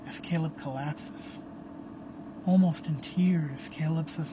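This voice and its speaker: A man narrating a dark dramatic story in a hushed, dramatic way. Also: a little high, steady tone, slow pace, a little hiss or hum.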